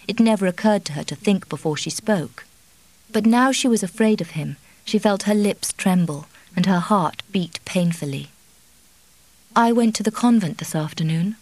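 A woman reading a novel aloud as an audiobook narrator, in a measured, even way. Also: fairly low pitch. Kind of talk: scripted narration.

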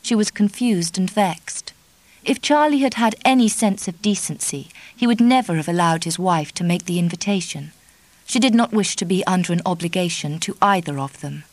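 A woman narrating a novel in a measured, even reading style. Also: lowish voice, no echo, low-quality recording. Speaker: audiobook narrator. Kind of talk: scripted narration.

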